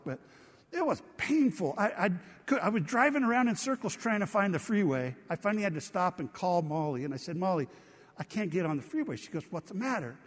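A man preaching a sermon, telling funny stories with lots of animation and laughing at his own tales. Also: sits high. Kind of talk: humorous sermon storytelling. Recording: long reverb of a large hall.

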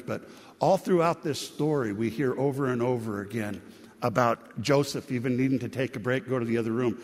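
A man's voice: mid-range voice, slightly rough. A man preaching a sermon as a pastor, earnest and conversational, leaning into the heartfelt moments. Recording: long hall reverb.

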